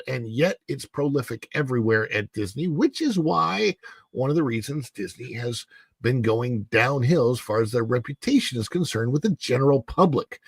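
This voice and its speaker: A man's voice: medium pitch, husky, no echo. A man hosting a solo livestream, giving emphatic, opinionated commentary with frequent halts and restarts. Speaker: host.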